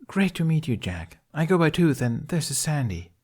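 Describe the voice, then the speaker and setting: A man reading a story aloud, voicing an upbeat woman performer who talks in an excited rush. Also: on the high side, breathy edge, pitched above the performer's own voice. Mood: chipper. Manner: upbeat, rushing, borderline frantic. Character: bubbly chipper woman performer. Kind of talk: audiobook character voice.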